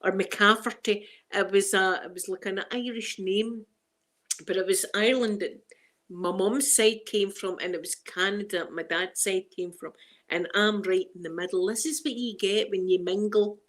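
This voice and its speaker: At a normal speed and a medium pitch, a middle-aged Glaswegian woman chats casually with her ASMR livestream viewers, her intonation fairly even and her tone a bit bright. Hailing from Scotland, she laughs often and uses strong Scots phrasing.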